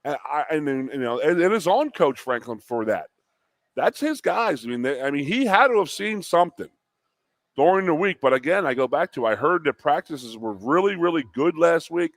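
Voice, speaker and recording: A man co-hosting a sports talk show, getting animated and worked up, with lots of restarts. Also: fairly high pitch, normal speed, dry recording. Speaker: co-host, former player.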